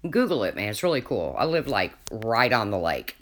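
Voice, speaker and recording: Livestreamer, casual chat, rambling storyteller, frequent restarts, mid pitch. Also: big pitch swings, moderate pace, a bit bright. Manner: chatty, rambling, restarts often, laughs at own stories.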